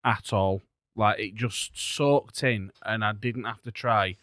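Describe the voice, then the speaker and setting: Bloke chatting on a podcast, kinda low voice, dry close mic. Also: male voice, takes it slowly, no echo. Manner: animated, storytelling with restarts. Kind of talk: casual podcast chat.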